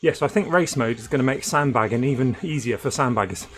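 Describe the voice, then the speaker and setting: A man's voice: mid-range voice, quick pace, slight background noise. A man chatting with viewers while racing on an indoor trainer, laughing often and short of breath from riding. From United Kingdom. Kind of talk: casual chat while racing.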